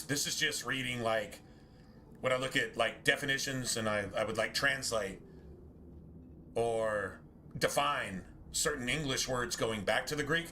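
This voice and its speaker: A man's voice: medium pitch, pushed and bright, a little hiss or hum. A man streaming a game, chatting casually with viewers in a rambling, musing way, correcting himself and swearing now and then.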